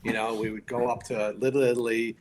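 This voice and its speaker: A retired firefighter in his fifties spins a story as a podcast guest, animated and acting out the people in it. His voice sits at an ordinary middle pitch. A faint noise runs underneath. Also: a little fast. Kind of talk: casual storytelling.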